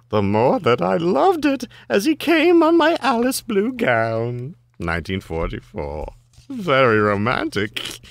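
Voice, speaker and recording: Slow, wildly swooping male reader of bawdy rhymes; dry, close sound. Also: a little high, fairly bright tone, dry recording. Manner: amused, chuckling asides between rhymes; swoops into mock voices for quoted lines. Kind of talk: bawdy limerick reading.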